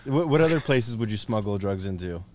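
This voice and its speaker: A man's voice: fairly low pitch, expressive, fairly quick, a little mellow, slight background noise. A man co-hosting a casual podcast chat in a van, asking the guest questions with frequent restarts.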